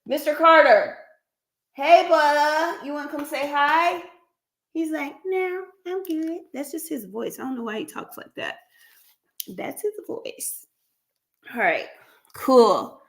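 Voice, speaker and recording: Speaking at a measured pace with long pauses, a high-voiced woman hosts a counseling practice's livestream. Her tone is casual as she talks with viewers, laughing frequently and using their names.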